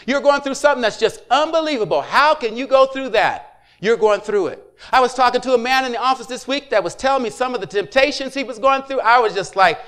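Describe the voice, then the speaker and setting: A man's voice: very high voice, lively intonation, a little fast, fairly bright tone. A middle-aged man, a pastor, preaching a conversational sermon with frequent asides to the congregation.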